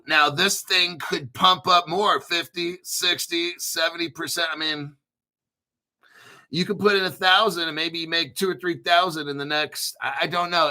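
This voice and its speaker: A man hosting a casual crypto livestream, rambling excitedly with frequent laughs and restarts. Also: a little high.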